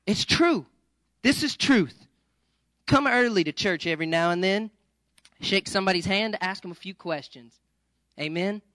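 A male pastor preaching a sermon in a lively, joking, conversational way that coaxes the congregation. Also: very high voice, no echo, low-quality recording.

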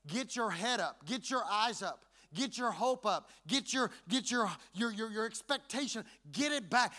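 A man's voice: high-pitched, animated, a little slow, hardly any pauses, bright, forceful tone. A man preaching a sermon to his congregation, building fervor through repetition. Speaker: pastor.

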